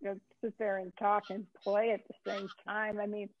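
A woman hosting an interview, chatting slowly and enthusiastically. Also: medium pitch, little pitch movement, no room sound. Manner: slow and enthusiastic. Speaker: host. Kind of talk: casual interview chat. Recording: tinny phone-like line.

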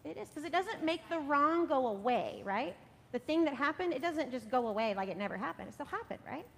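A woman leading a children's message in church, coaxing and gentle, often checking in with "right?". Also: lively intonation, a little fast, creaky. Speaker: children's sermon leader. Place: church sanctuary. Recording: long reverb, faint rumble.

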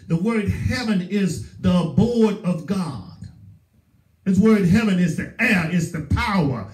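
A male pastor with a Southern US accent, preaching a sermon with emphatic repetition. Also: high-pitched. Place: church sanctuary. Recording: roomy echo, voice from far off.

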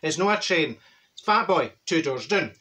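A man's voice: fairly high pitch, sing-song, moderate pace, sharp tone. A man voicing a chatty older Glasgow woman with a Glaswegian Scottish accent, telling cheeky gossip and stories to camera with frequent laughs. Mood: gossipy. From Glasgow, Scotland. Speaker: comedy character host. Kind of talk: comic monologue to camera.

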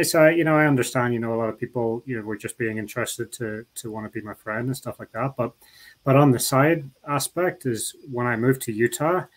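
A man's voice: medium pitch, poor audio. A middle-aged man with a Northern Irish accent, a guest talking in a casual interview, rambling with many restarts and asides. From Northern Ireland.

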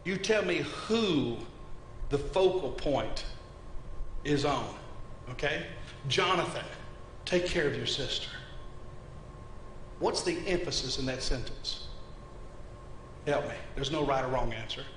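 A man preaching a sermon, animated and conversational, asking his congregation questions as he teaches. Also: mid-range voice, unhurried, pauses often, a little hiss or hum. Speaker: pastor.

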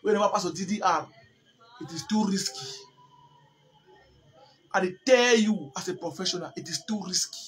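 A man from Cameroon speaking with a Cameroonian Pidgin accent on a live stream, giving emphatic, repetitive commentary that rises toward near shouts. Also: sits high, moderate pace, pauses often, a little hiss or hum. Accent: Cameroonian Pidgin English.

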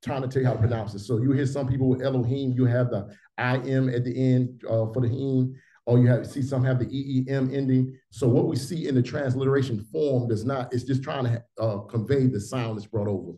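A man teaching an online language class, explaining in a steady flow. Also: medium pitch, fairly quick.

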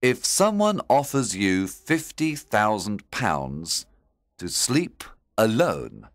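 A man narrating a story and reading quiz questions for English learners, measured and deliberate. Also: fairly low pitch, big pitch swings, no room sound, clean studio sound.

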